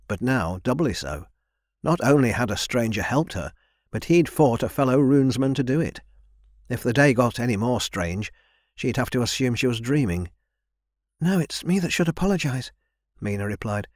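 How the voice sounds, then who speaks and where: A man narrating a young adult fantasy audiobook in an even, measured reading. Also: mid-range voice, no echo, studio quality. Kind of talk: scripted narration.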